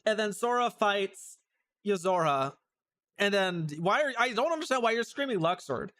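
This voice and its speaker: A male streamer giving chatty, animated commentary on a game, with sudden outbursts. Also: high voice, moderate pace. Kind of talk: casual let's-play commentary.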